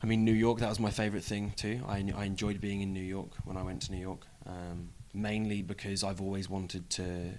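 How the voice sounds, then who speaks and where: Chatty British man with a lowish voice. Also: flat delivery, darkish tone, slight background noise. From United Kingdom. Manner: chatty, jokey, many "um" pauses. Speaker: wrestler, interview guest. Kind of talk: casual interview chat.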